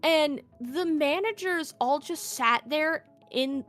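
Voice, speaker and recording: A woman with a high voice, casual chat, lively storytelling full of fillers and restarts, faint music underneath. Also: slow pace. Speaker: interview guest, VTuber. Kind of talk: casual conversational retelling.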